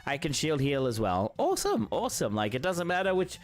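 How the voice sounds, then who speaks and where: A man's voice: a little high, huge pitch swings, brisk. Chatty, encouraging male game streamer. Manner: friendly, encouraging, rambling with many fillers. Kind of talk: casual live-stream chat while playing.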